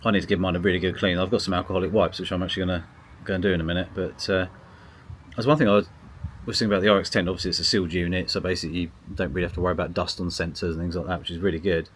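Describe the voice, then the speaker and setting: A photography vlogger with a low, steady voice talks to camera at a racing pace while outdoors in a garden. He rambles casually, full of ums and restarts. The built-in mic of a small gimbal camera on a tripod gives the sound a slightly bright edge with a bit of hiss or hum.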